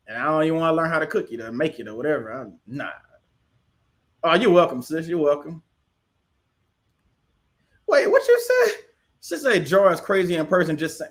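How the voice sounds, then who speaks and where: A man's voice: a little high, fairly bright tone. A man from the casually hosting a livestream, chatting with viewers and answering their comments, often laughing. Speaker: livestream host.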